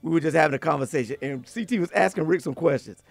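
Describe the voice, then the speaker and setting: High, gravelly, teasing male co-host. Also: quick pace, no echo. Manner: teasing, laughs a lot, lively storyteller. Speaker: podcast co-host. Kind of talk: casual chat.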